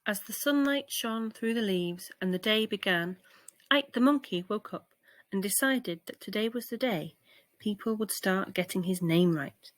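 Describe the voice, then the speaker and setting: A woman reading a children's bedtime story aloud in a gentle, expressive way. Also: medium pitch, normal speed, dry recording.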